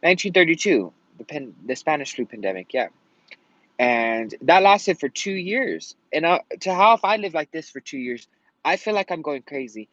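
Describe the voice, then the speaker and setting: Frustrated rambling man, slightly high voice. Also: sing-song, moderate pace, fairly bright tone, dry recording. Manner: frustrated, rambling, swears often. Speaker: vlogger. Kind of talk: casual rant to camera. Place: at home in Colorado. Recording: dull lo-fi sound.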